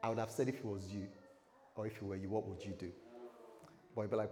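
A man's voice: on the low side, quick pace, mellow. A male pastor preaching a sermon in a storytelling style, with chatty asides to his audience. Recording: echoey hall, faint room noise.

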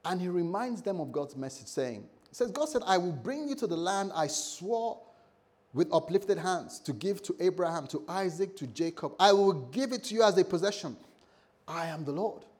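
Moderately paced and high-voiced, this male pastor delivers an upbeat sermon. He impersonates the biblical characters with shifting voices and adds witty asides.

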